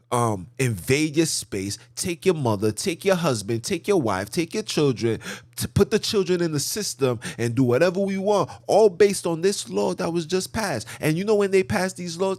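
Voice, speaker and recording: A man's voice: fairly high pitch, no room sound, clean studio sound. A man hosting a podcast, delivering a heated, preachy monologue that drives his points home with repeated lists. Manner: preachy, emphatic, repetitive lists. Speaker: podcast host. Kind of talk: ranting commentary monologue.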